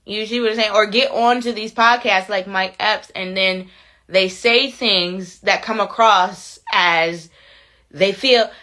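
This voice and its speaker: A woman's voice: medium pitch, takes it slowly, pushed and bright. A woman hosting a casual commentary show, reading viewer comments and repeating phrases to drive her points home. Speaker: commentary channel host.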